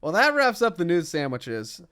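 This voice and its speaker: A man's voice: fairly high pitch, huge pitch swings, moderate pace, fairly bright tone, clean tone. A young man co-hosting a casual podcast, rambling with lots of fillers and laughing easily. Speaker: podcast co-host.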